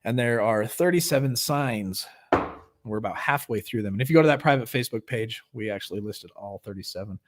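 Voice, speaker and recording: A man's voice: fairly low pitch, lively intonation, a little fast, background noise. A man hosting a livestreamed recovery meeting, talking in an earnest, loose and conversational way and leading a short group prayer. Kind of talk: casual livestream meeting talk. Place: home, livestream.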